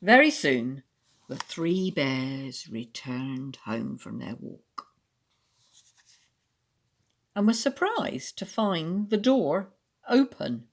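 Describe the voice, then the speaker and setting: A woman reading a children's story aloud in an expressive storytelling manner. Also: low voice, very slow, long pauses.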